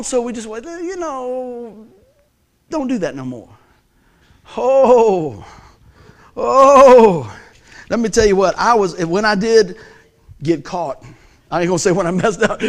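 Man, middle-aged, pastor, sermon, high-pitched, animated, humorous storytelling. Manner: animated, joking storyteller who acts out voices.

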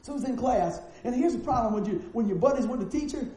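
A male preacher delivering a storytelling sermon, animated and acting out the people in his stories, in a church sanctuary. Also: extremely high pitch, fast talker. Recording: roomy echoing sound with faint noise.

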